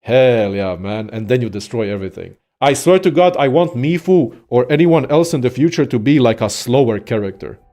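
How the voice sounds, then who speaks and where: A young man casually ranting about games in a profane, excitable, rambling way as a content creator. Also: mid-range voice, moderate pace, hardly any pauses. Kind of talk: casual gaming rant.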